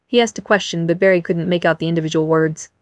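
Lower-voiced woman narrating an audiobook. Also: fast, no echo.

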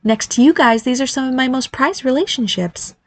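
A woman's voice: on the high side, lively intonation, fast talker, a little mellow, pitched above the performer's own voice. A woman voicing a cheerful, doting middle-aged mother in a storybook reading, with a fond, reassuring manner.

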